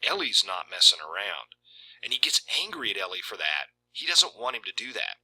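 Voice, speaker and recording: A man's voice: deep voice, huge pitch swings, brisk, gravelly, bright, forceful tone, slightly rough, rough recording. A man casually discussing a short story and reading passages aloud. He talks conversationally, with frequent "right?" asides. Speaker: literature video presenter.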